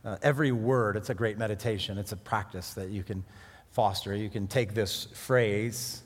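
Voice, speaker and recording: A middle-aged man preaching a sermon in a conversational, animated way, with sudden emphatic rises. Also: fairly low pitch, normal speed. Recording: hall reverb.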